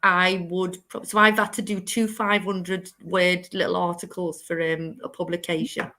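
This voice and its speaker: A woman hosts a relaxed chat show. Her voice is bright and forceful, and she talks in long rambling runs with frequent laughs. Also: lowish voice, moderate pace. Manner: chatty, rambling, laughs often. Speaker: co-host.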